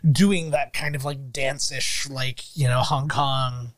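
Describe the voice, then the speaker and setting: A young man from Canada co-hosting a casual movie commentary, animated and acting out quotes with laughs. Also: medium pitch, slow pace, no echo. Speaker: podcast co-host.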